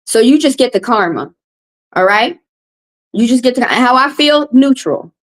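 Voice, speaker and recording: A woman tarot reader from the American South, hosting a live stream and venting at her chat. Her voice sits slightly high, and she is upset and confrontational and circles back over the same points. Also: animated, measured pace. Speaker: tarot reader and livestream host. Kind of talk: heated live-stream rant.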